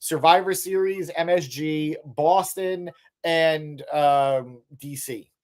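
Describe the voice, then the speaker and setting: Co-hosting a laid-back podcast live stream, this man speaks slowly with a slightly raised pitch. He reads the live chat comments aloud and answers them on the spot, tossing in joking swears.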